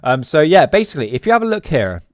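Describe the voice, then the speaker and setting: A man's voice: fairly high pitch, big pitch swings, fast, no echo, studio quality. A man hosting a casual solo talk, rambling with many fillers and restarts. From England. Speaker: host.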